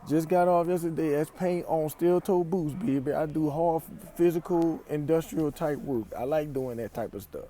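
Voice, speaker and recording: A young man from Louisiana with a Louisiana accent, giving an animated, emphatic slang-filled vlog monologue in a store aisle, recorded on a phone camera. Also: a little high, normal speed, hardly any pauses, slight background noise. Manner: animated, emphatic, repeats phrases, speaks in slang. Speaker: vlogger.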